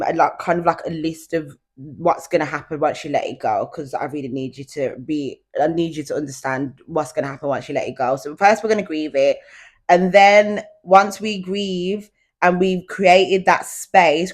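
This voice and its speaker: A young woman hosting her own podcast at home, talking casually and confidingly straight to her listeners. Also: lowish voice. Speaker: podcast host. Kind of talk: casual solo podcast chat. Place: at home, indoors.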